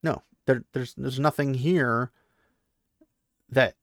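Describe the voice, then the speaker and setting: A man with a gravelly, creaky voice chats his way through a book recap, rambling and peppering everything with "like." He slips into quick impressions of the characters as he goes. The sound is dry and close, with no room around it. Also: medium pitch, no echo. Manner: rambling, heavy use of "like", acts out characters' lines. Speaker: book discussion host. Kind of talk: casual book recap and commentary.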